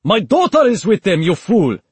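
A man's voice: sits high, very animated, normal speed, a little mellow, husky, no room sound, voice pushed up, exaggerated voice. A man doing a bellowing, furious old sheikh. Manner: bellowing, accusing. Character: older male sheikh, imposing and furious.

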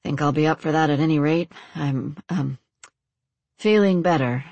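A woman voicing a relaxed, teasing young man in a storybook reading, her voice dropped slightly lower. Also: moderate pace, no echo, muffled recording. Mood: easygoing.

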